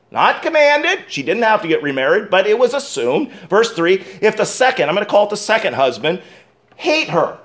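A male pastor preaching a sermon, speaking emphatically, with sudden loud stresses and quiet asides, and putting questions straight to his congregation. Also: sits high. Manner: asks the congregation direct questions.

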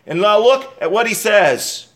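A man delivers a sermon as pastor, his voice sitting high for a man. He drives points home with repeated rhetorical questions, then drops into quieter asides. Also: animated, measured pace.

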